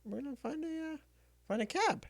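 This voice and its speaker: A man's voice: very high voice, expressive, fairly quick, gravelly, no room sound, voice pushed up, exaggerated voice. A man voicing his easygoing middle-aged father, reassuring and upbeat.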